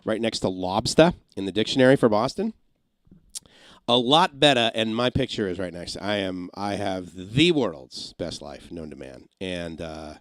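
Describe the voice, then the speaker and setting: A middle-aged former radio engineer chats on a home livestream, telling long, rambling stories. His voice swings widely up and down in pitch, and he breaks into brief comic impressions. The sound is dry and close, with no room echo. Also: lively intonation, moderate pace, hardly any pauses. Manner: rambling storyteller who slips into comic impressions. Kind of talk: casual livestream chat. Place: home in Massachusetts.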